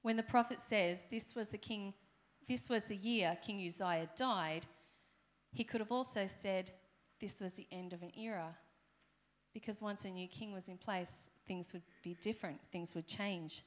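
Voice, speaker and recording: A woman's voice: mid-range voice, normal speed. A middle-aged woman with an Australian accent preaching a conversational sermon in a church, with playful asides to the congregation. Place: church hall.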